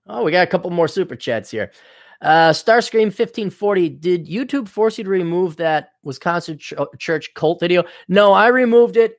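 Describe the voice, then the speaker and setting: A man's voice: a little high, dry recording, clean studio sound. A man hosting a podcast in a casual, rambling monologue, irreverent and profane. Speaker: podcast host.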